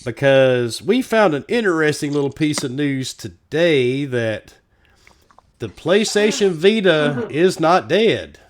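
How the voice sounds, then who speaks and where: A man hosting a loose gaming chat show, with a slightly high voice. He jokes around, greets people in the chat and swears without a second thought. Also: big pitch swings, slow. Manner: loose, joking, swears freely. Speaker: podcast host. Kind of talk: casual online show chat.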